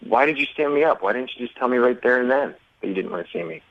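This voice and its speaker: A man's voice: medium pitch, animated, fast talker, vocal fry, no room sound. A man calling in to a radio show, earnest and a little wounded. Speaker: caller. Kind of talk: casual phone call on radio. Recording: muffled phone line.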